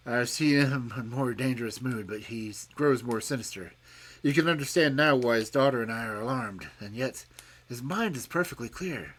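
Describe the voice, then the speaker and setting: A man voicing an anxious, earnest young assistant who speaks urgently and apologetically, with a husky voice. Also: medium pitch, normal speed, fairly bright tone, natural voice.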